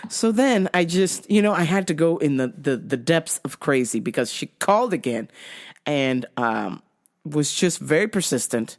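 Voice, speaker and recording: A woman podcast host telling a story in a low-pitched voice, swearing freely. She talks with an exasperated edge, and her pitch swings widely as she acts out the call. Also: lively intonation, moderate pace. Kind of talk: casual storytelling.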